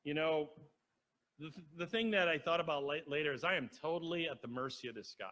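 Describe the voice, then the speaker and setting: A man's voice: a little high, fast, a bit bright. A man giving a conversational sermon, telling a personal story and speaking directly to the congregation. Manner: storytelling, acts out quoted voices, asks the congregation. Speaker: preacher. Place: church sanctuary.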